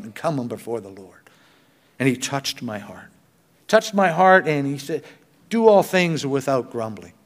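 An older man preaching a sermon as pastor, earnest and conversational, with self-deprecating humor. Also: a little high. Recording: long hall reverb.

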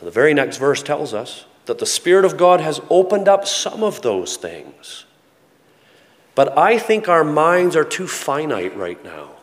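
A man preaching a sermon in earnest tones, often repeating words and dropping to a soft, hushed voice. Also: medium pitch. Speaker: pastor. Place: church sanctuary with a congregation. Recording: long reverb of a large hall.

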